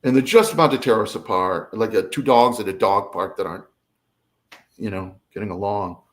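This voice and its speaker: A man telling a personal story as an interview guest, expressive and acting out the other voices. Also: lowish voice, normal speed. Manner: expressive, lively, acts out quotes. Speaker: guest, abductee. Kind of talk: animated storytelling.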